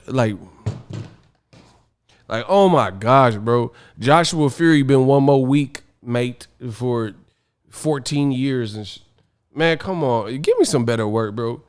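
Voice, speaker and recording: A man's voice: medium pitch, slow, clear, resonant tone. Exasperated man ranting on a stream. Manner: exasperated, slangy, laughing often. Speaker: boxing stream host. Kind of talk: casual livestream rant.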